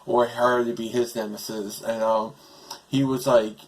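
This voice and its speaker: A man's voice: medium pitch, level tone, a little slow, poor audio. Casual male reviewer, rambling delivery with lots of fillers, voice cracking. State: voice breaking.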